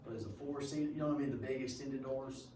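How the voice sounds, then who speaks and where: A man's voice: medium pitch, quick pace. A man teaching a class in a rambling, folksy way, with corny jokes. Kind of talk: classroom lecture. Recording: echoey room, mic far off, noisy.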